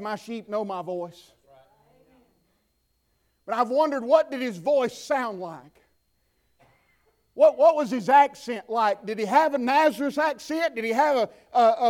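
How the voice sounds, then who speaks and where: High-voiced impassioned preacher man. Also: darkish tone. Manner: impassioned, repetitive preaching cadence. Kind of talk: sermon.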